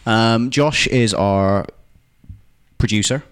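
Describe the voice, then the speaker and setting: A man's voice: lowish voice, slow pace, clear, resonant tone. A man with an English accent, a podcast co-host, bantering and laughing easily. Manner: joking, laughs often, stumbles and restarts. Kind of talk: casual banter.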